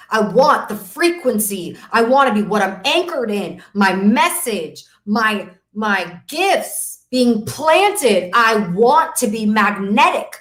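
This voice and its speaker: A middle-aged woman giving a live motivational business talk, fervent and preachy, swinging between loud declarations and soft asides. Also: fairly high pitch, sing-song, a little slow, roomy sound. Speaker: business coach.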